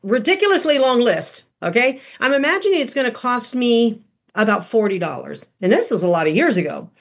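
Husky, animated woman telling a story. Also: fairly high pitch, brisk. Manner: animated storyteller who acts out quotes. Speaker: podcast guest speaker on parenting. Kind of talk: storytelling talk.

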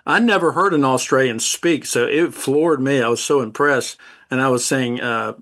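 A man's voice: medium pitch, moderate pace, a bit bright. A man co-hosting a Christian podcast, telling rambling stories with frequent chuckles. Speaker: podcast co-host. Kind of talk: casual Christian podcast chat.

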